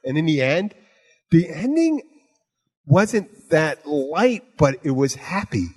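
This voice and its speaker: A man chatting casually as co-host, animated and ranting, swearing freely. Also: on the high side, slow pace, breathy edge. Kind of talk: casual chat.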